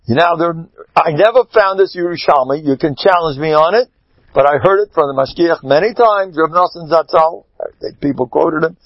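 Emphatic and animated, a man talks as a rabbi about the Torah, his volume jumping between loud outbursts and low asides. He speaks at a normal speed, and the recording is dry and dull.

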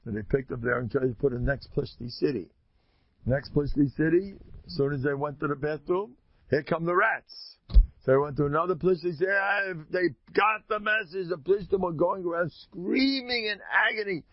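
A man teaching a Torah class, telling the stories in an animated way and acting out the characters. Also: fairly high pitch, moderate pace, no echo, lo-fi sound.

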